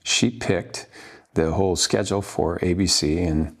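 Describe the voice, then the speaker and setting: A deep, breathy-voiced man in his fifties, from Washington State, talks through memories as an interview guest. He speaks earnestly and haltingly, stopping often to gather his thoughts, his low voice carrying a grainy, husky edge. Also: steady tone. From Washington State, USA. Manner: halting, earnest, with many pauses. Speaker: actor guest. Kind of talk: reflective interview storytelling.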